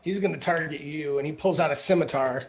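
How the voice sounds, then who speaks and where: A man game master narrating a tabletop game in a loose, casual way. His voice sits a little high and he keeps restarting his sentences. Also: fast talker. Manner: casual, many fillers and restarts.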